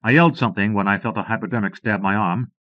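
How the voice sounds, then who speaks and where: Low-voiced man reading an audiobook. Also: quick pace, no room sound. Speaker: audiobook narrator. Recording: muffled phone-like 1990s cassette recording, dry.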